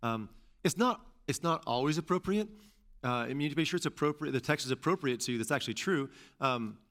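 A man preaching a sermon as pastor and teacher, repeating key phrases and rising to loud stresses. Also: fairly high pitch, animated, a little fast.

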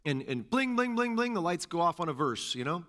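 A pastor delivering a sermon with animated, conversational delivery, repeating phrases for emphasis and dropping in casual asides. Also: male voice, fairly high pitch, fairly quick.

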